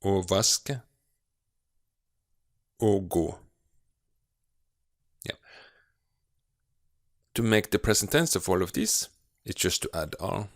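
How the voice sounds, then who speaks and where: A low-pitched man with a gravelly edge to his voice teaches a grammar lesson. He explains patiently and takes his time, pausing often to find his words. The sound is dry and close. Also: lively intonation, no echo. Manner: slow, patient explaining with frequent hesitations. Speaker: language teacher.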